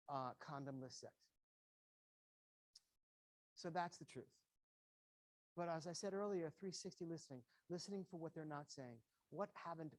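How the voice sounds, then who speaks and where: A man's voice: a little high, darkish tone. A man giving an earnest lecture to parents, stressing his points by repeating them and acting out short quoted exchanges. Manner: earnest, emphatic, repeats key phrases; acts out little quoted exchanges. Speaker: guest educator speaking to parents. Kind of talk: motivational lecture with slides.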